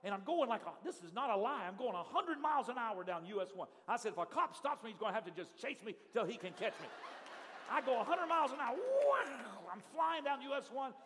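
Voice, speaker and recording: Pastor guy, high voice, tells stories then shouts, long church echo. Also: fairly quick. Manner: animated, swings from hushed telling to shouting. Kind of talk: storytelling sermon. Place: church sanctuary. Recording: live church hall reverb.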